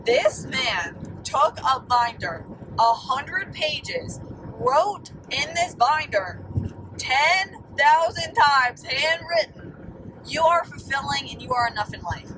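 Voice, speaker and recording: A young woman calling in by voice memo, telling a story in an exasperated, animated way with plenty of swearing. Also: high voice. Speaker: caller. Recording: distant voice memo with background noise.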